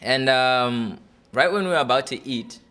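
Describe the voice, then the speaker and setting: Brief: young man, chatty stand-up audition set, relaxed and rambling. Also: medium pitch, moderate pace, clear, resonant tone. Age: 20s. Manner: loose, chatty, full of fillers. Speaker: stand-up comedy contestant.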